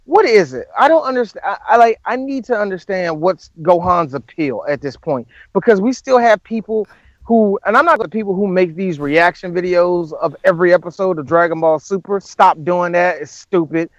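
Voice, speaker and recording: A man's voice: sits high, expressive, normal speed, dry recording, lo-fi sound. A man co-hosting a podcast, riffing in profane, joking casual chat. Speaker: podcast co-host.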